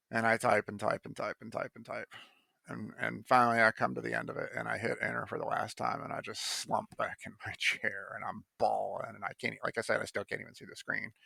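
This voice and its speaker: A man's voice: fairly low pitch, level tone, moderate pace, creaky, bright, forceful tone, no echo. A man telling how he came to write a poem, in a rambling casual monologue full of fillers and restarts, blunt and now and then swearing.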